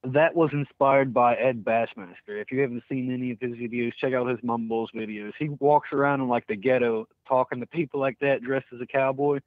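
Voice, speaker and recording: A man's voice: mid-range voice, steady tone, brisk, hardly any pauses, dry recording. A young man being interviewed as a guest, chatting casually in a laid-back way and swearing freely. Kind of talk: casual chat. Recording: tinny phone-like line.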